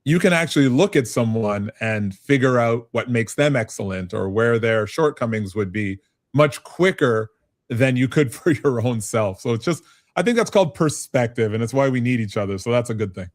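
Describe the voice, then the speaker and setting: A middle-aged man from Canada, speaking at a middle pitch, talks as a guest in an interview. He tells his stories with animation and a self-mocking edge. His delivery is conversational and easy. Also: expressive, moderate pace, no room sound, clean studio sound. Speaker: guest, business advisor.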